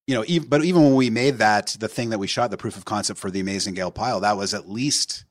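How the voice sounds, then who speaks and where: A man with a low voice explains his show in a relaxed interview. He talks in an easygoing way and often chuckles. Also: fast. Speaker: show creator and writer. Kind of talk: casual interview chat.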